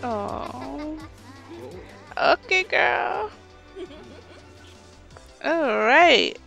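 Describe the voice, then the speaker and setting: Bright-voiced woman doing game commentary. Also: high voice, drawn-out words, vocal fry, long pauses, faint music behind. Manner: expressive, exclaims and laughs at the game. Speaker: gameplay host. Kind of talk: casual let's play commentary.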